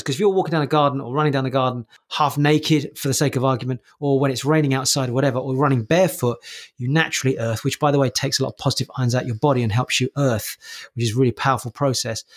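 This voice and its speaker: Male podcast co-host, husky, rapid-fire coaching chat full of restarts. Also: mid-range voice. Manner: rapid, animated explanations with many restarts. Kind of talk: casual conversational podcast talk.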